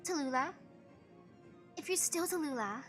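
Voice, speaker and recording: Heard first is a high, earnest young girl who leads with a gentle heart, as a woman streamer reads her lines from a game. She pleads with soft urgency, her voice lifted well above an ordinary speaking pitch. Faint game music plays underneath. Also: animated, measured pace. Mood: pleading.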